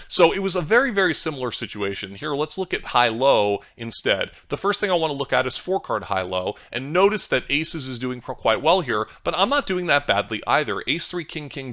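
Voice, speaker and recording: Bright-sounding guy walking through poker sims, analytical, thinks out loud and restarts words. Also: mid-range voice, sing-song, normal speed, few pauses. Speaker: poker coach. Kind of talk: screen-share hand review.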